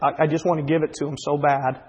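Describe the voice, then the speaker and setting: A man in his thirties preaching a sermon as pastor, moving from quiet reflection to fervent preaching. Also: a little high, little pitch movement, fast talker, husky. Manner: builds from quiet reflection to impassioned, near-shouted preaching. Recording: long hall reverb.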